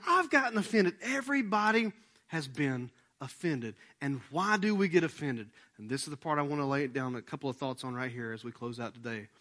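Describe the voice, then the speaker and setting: A male pastor preaching a sermon in a church, folksy and animated, asking the congregation questions. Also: a little high.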